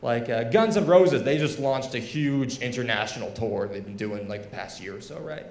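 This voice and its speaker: Stand-up comic in an echoey room. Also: male voice, mid-range voice, lively intonation, moderate pace, a little mellow, a little hiss or hum. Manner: conversational, lots of fillers and asides. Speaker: stand-up comedian. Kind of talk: stand-up comedy set.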